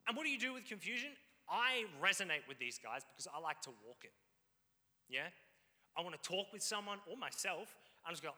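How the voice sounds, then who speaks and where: A man preaching a sermon, telling the story in an animated way with frequent asides to the congregation. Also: high-pitched, fairly quick. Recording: long reverb in a hall.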